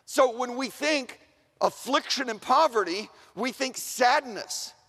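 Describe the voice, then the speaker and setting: High-voiced man preaching in a chapel hall. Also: slow pace. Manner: animated, acts out quoted voices, asks the room questions. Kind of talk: sermon. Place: large chapel. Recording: long reverb of a large chapel.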